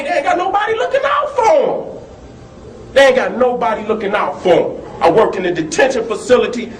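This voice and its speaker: Man with a high voice, animated and profane, telling stories in a roomy space. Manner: animated, profane, storytelling with laughs. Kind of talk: heated talk. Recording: echoey room with faint noise.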